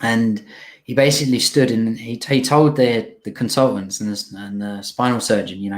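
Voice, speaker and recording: A young man speaks as a guest, relating his personal story. His voice sits somewhat low, and he is plainly emotional, halting and restarting as he talks. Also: fairly even intonation. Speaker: interview guest.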